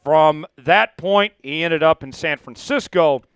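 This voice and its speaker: A man hosting a live sports show, hyped and talking straight to his viewers. His voice is bright and crisp, a little higher than most men's. It is recorded dry on a close mic, with faint music underneath. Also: unhurried, no echo. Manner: energetic, hyped delivery with frequent asides to viewers. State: voice cracking, coughing fits.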